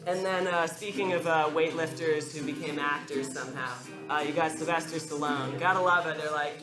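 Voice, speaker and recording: A man's voice: on the high side, moderate pace. A young man doing an open-mic stand-up set, rambling with lots of fillers and laughing at his own jokes. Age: young adult. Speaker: stand-up comedian. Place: college open-mic room. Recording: echoey room, music behind.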